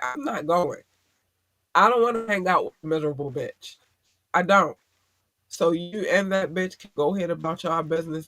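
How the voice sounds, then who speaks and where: A man's voice: fairly high pitch, sharp tone. A man hosting a podcast, giving blunt, profane advice in a casual monologue. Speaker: podcast host.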